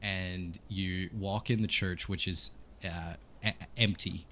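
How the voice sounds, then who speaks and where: A man's voice: low voice, steady tone, slow, bright, forceful tone, a little hiss or hum. A man narrating as game master in a tabletop game, hesitant, with many fillers and self-corrections.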